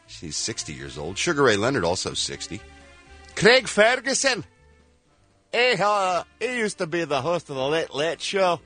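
Radio showbiz reporter, man, bright lively delivery, mock-formal and playful. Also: mid-range voice, a little fast, few pauses, breathy edge, faint music behind. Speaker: entertainment news reporter. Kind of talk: morning radio show segment.

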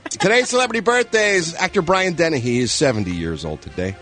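A man hosting the entertainment news segment of a morning radio show, wisecracking and lively. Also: a little high, fairly quick, soft background music. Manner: wisecracking, lively, puts on voices in stories.

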